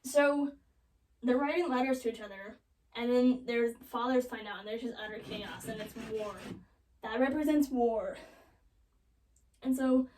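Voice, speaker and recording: Young woman, high voice, sarcastic, valley-girl casual, slightly distant mic. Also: unhurried, pauses often, a little mellow, a little hiss or hum. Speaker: comedic storyteller. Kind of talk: joking retelling of a classic play.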